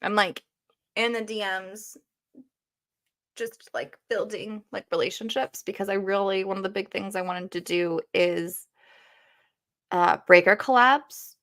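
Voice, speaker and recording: A woman's voice: mid-range voice, steady tone, measured pace, long pauses, fairly bright tone. A woman co-hosting a casual livestream, chatty, laughing and swearing easily. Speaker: co-host of a livestream.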